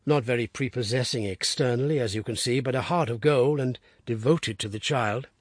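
A man voicing a worried, tender middle-aged father in an audiobook, low and earnest. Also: fairly quick, no echo, studio quality, lightly acted. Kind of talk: audiobook character reading.

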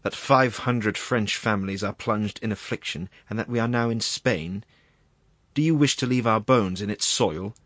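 A man's voice: fairly low pitch, moderate pace, a bit bright, no room sound. A man reading the part of a harsh French army general who rebukes his officers. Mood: indignant rebuke. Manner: indignant, rebuking.

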